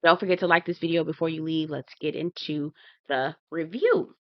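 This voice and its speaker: A woman's voice: low-pitched, fairly even intonation, normal speed, no echo, dull audio. A woman giving casual commentary to her viewers, talking to them directly and acting out her own reactions. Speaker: TV reality show reviewer.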